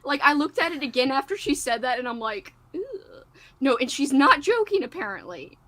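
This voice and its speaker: A bright, lively woman chats on a casual livestream, her voice sitting a little high and swooping up and down as she talks. She giggles often and reads out viewer comments between stories. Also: fairly quick. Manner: giggly, animated, reads chat comments aloud. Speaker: livestream host.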